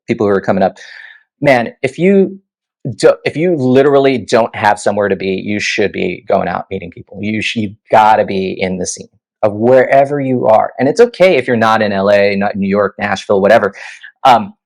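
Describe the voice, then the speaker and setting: A man in his thirties with a creaky, lowish voice talks fairly quickly on a low-quality recording. As a guest musician, he tells casual, animated interview stories peppered with fillers such as "you know" and "like."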